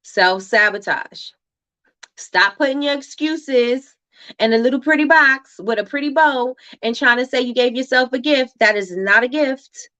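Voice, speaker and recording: Reading viewer comments aloud and repeating phrases for emphasis, a woman leads a motivational livestream with great intensity. Her voice is high, pushed, and bright, at a normal speed.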